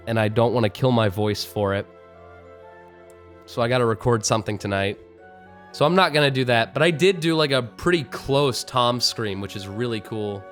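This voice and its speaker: This is a man with a mid-range, fairly bright voice, a streamer and voice actor rambling casually on a live stream about voice acting. He jokes at his own expense and keeps cracking up, heard through a streaming microphone.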